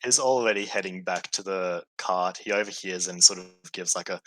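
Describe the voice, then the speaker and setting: Game master, male, lowish bright voice, hesitant and easygoing, dry close sound. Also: moderate pace, no echo, rough recording. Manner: hesitant, many fillers, easygoing. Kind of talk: narrating a tabletop game.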